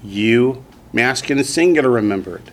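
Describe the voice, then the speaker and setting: A man's voice: mid-range voice, lively intonation. Patient Southern man teaching a class. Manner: slow, patient drilling with repetition. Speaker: Hebrew teacher. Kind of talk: classroom language lesson.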